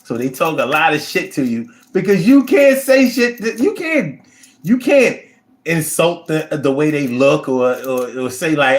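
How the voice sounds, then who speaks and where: A man hosts a casual livestream and rambles through viewer comments in a blunt, profane way. His voice sits a little high and swings widely in pitch as he talks. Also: big pitch swings, normal speed. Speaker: livestream host reading chat.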